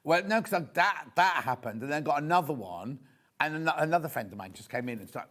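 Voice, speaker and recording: Lively chatty man presenting. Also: fairly high pitch, brisk. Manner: chatty, gossipy, enthusiastic. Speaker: shopping channel presenter. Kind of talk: live TV selling chat. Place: TV studio.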